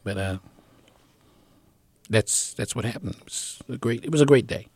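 A man's voice: mid-range voice, moderate pace, vocal fry, slightly rough, no echo. A man telling a long anecdote in an interview, rambling with fillers and acting out the people in his story. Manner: animated storyteller who acts out the people in his stories. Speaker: interviewee recounting his music career.

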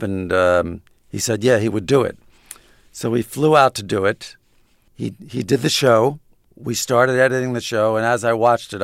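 A man's voice: lowish voice, creaky, dry recording, studio quality. A man being interviewed, telling anecdotes with chuckles and hesitant fillers. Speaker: guest. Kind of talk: interview storytelling.

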